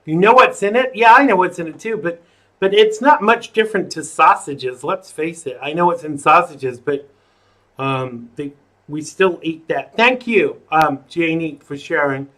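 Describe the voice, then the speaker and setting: A man's voice: a little high, moderate pace, a bit bright. A man hosting a live online talk show, rambling and joking with viewers between chatty asides. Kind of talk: casual livestream chat.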